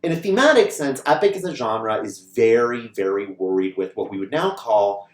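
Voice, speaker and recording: Male professor, casual video lecture, lively sing-song delivery, roomy echo. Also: medium pitch, moderate pace. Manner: casual and lively, frequent "right?" check-ins, mild swearing. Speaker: university classics lecturer. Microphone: camera mic. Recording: echoey room.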